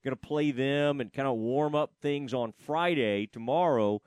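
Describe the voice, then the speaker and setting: A man's voice: mid-range voice, unhurried, a little mellow, dry recording, studio quality. A man hosting a casual sports talk show, rambling with frequent fillers and restarts. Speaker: sports radio host.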